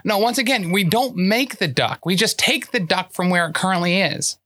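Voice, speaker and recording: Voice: medium pitch, expressive, moderate pace, sharp tone. A tabletop game player talking in character, earnest and matter-of-fact, with frequent fillers and restarts as they explain things.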